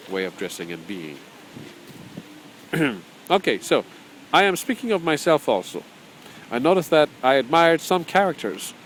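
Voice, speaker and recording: Man, spiritual teacher, casual rambling talk, repeats himself, animated pitch, faint noise. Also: moderate pace. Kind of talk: casual talk reading from his own book.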